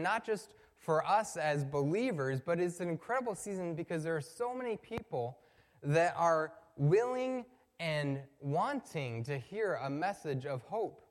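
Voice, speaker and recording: Male pastor, slightly high voice, conversational storyteller, long hall reverb. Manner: storytelling, conversational, builds to emphatic points. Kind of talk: sermon.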